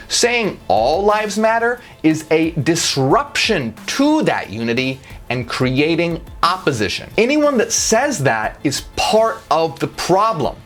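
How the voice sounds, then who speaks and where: Woman host, blunt persuasive monologue, lower voice, faint music underneath. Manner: emphatic and blunt, with swearing. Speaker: channel host.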